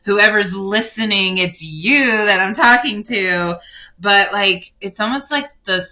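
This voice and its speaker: A woman's voice: mid-range voice, takes it slowly. A woman giving a casual spiritual card reading, rambling and correcting herself as she speaks straight to the listener. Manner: rambling, self-correcting, warm addressing of listener. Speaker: tarot card reader.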